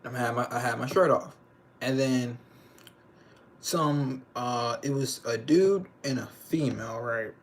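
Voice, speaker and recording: This livestream host is a young man with a medium-pitched voice who speaks unhurriedly. His talk is rambling and slangy, and he often turns to his viewers with "you know what I'm saying."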